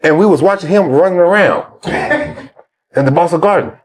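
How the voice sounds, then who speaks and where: Man, former pro athlete, casual interview storytelling, fairly high voice, laughs a lot, acts out quotes. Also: moderate pace. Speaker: former player telling stories.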